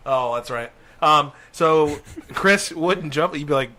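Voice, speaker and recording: A man's voice: fairly high pitch, normal speed, noisy background. A young man from Virginia, a podcast host telling casual stories and laughing often. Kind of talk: casual storytelling chat.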